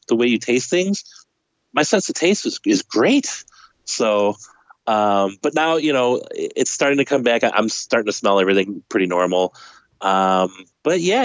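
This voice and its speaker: Low-ish voiced guy on a podcast, chatty and animated, keeps restarting sentences, super dry close mic. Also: no echo, rough recording. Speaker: podcast co-host. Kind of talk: casual podcast chat.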